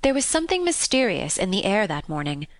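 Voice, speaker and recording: A woman reading a classic children's novel aloud in a calm, steady and expressive narration. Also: mid-range voice, fairly quick, dry recording. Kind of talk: scripted storybook narration.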